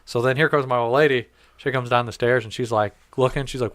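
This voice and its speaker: A man with a medium-pitched voice speaks quickly on a dry recording as he hosts a podcast. His storytelling is casual, lively and full of profanity, and he acts out the dialogue he quotes.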